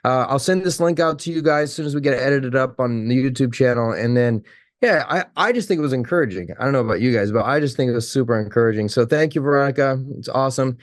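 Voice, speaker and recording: A man hosts a group video call and talks quickly and with enthusiasm. His voice is mid-pitched and sounds dry and close to the mic. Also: no echo. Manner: enthusiastic, praising. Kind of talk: casual group call chat.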